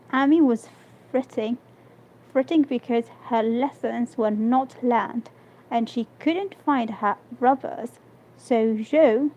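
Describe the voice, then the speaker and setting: A woman whose first language is Arabic, reading a novel aloud on a live stream, halting and restarting words. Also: on the high side, warm tone. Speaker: reader. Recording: dull lo-fi stream audio.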